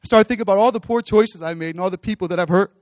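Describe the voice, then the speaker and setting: Man, high-pitched, earnest church testimony, repeats phrases, dry sound. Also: very fast, no echo. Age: adult, with children. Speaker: church speaker giving testimony. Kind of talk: testimony sermon. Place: church stage.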